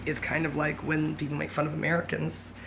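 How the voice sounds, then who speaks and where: A vlogger with a deep, gravelly voice full of fry talks directly to the camera in a scattered, wandering monologue, fairly quickly and with a completely flat delivery. She keeps correcting herself and tossing in jokey asides, while noticeable background noise sits under the recording.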